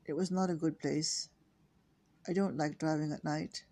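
Downcast young woman, tense and withdrawn, flat delivery; older woman reader. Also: deep voice, moderate pace. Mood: upset. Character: lonely, upset young woman.

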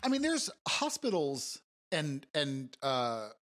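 Man, casual chat, lively up-and-down voice, fairly high, mulls things over. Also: slow pace. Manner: musing, acts out quotes in different voices.

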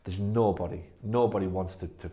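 A man's voice: low voice, steady tone, fairly quick, warm tone. A man leading a staff training session, blunt and emphatic, swearing freely. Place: physio clinic room.

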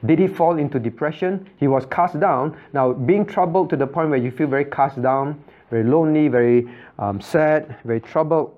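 A man's voice: fairly high pitch, moderate pace, highs cut off. A male pastor preaching a sermon, often asking his congregation questions and repeating phrases for emphasis. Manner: asks the congregation frequent rhetorical questions.

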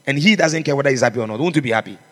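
A man's voice: medium pitch, rapid-fire, in a large hall. A man preaching a sermon as pastor, fervent and exhorting, calling out to his congregation. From Ghana.

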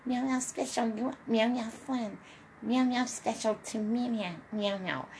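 A woman's voice: fairly high pitch, fairly even intonation, measured pace, a little mellow, a little hiss or hum. A woman doing a shy meowing puppet cat. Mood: affectionate. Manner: every word broken up by meows.

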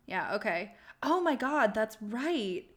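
A woman's voice: fairly high pitch, sing-song, takes it slowly, fairly bright tone. A young woman co-hosting a podcast in casual chat, emphatic and swearing for emphasis. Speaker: podcast co-host.

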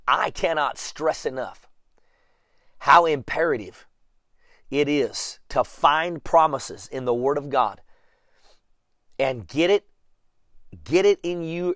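A man's voice: fairly high pitch, lively intonation, takes it slowly, pauses often, a bit bright, no echo. Emphatic preacher man, dry close sound. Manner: repetitive, emphatic, building up. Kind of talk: sermon.

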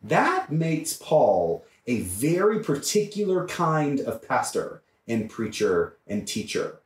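Male priest, emphatic teaching voice, lively, mic far off in a reverberant room. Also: medium pitch, slow. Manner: animated, emphatic, often checks in with "right?". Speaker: priest teaching a Bible study. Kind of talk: Bible study lecture.

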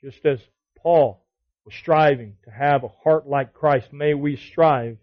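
A man's voice: fairly high pitch, fairly even intonation, slow, no room sound, dull audio. A man teaching a Bible study to other men, exhorting them with repeated commands and rhetorical questions. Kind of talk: sermon.

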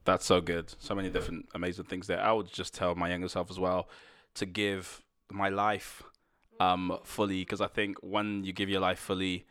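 Male podcast host, lowish voice, dry close sound, earnest and chatty. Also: flat delivery, normal speed, fairly bright tone, clean tone, no echo. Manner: earnest, rambling with restarts and jokes. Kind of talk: casual faith podcast chat.

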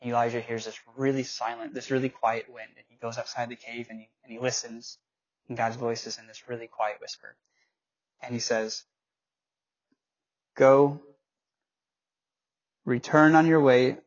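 Casting: young male Bible teacher, casual and conversational, husky tone, dull lo-fi recording. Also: medium pitch, level tone, fairly quick. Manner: loose and conversational, reads scripture aloud with slips and self-corrections.

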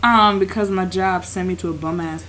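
A woman's voice: fairly low pitch, moderate pace, a bit bright, slight background noise. A young woman in casual chat who teases, swears and acts out quoted lines. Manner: teasing, profane, acts out quotes.

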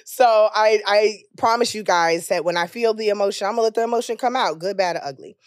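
A woman in her thirties co-hosts a podcast, sharing candid stories in casual chat. She talks fast, curses frequently, and lets out loud, high outbursts when joking; the studio-quality audio has no echo.

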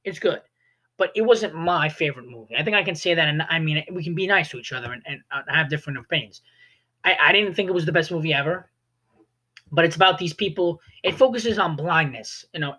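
Young adult, casual film review, rambling, lots of "like", crisp bright voice. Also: mid-range voice. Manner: rambling, full of "like" and self-corrections. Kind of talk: casual spoken movie review.

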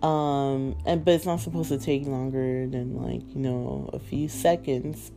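A woman's voice: extremely low pitch, steady tone, a little slow, gravelly, mellow, faint music behind. A woman chatting casually and emotionally about a film, rambling with lots of fillers. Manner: rambling, filler-heavy, emotional, laughing through tears. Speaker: movie fan vlogger. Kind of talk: casual chat.

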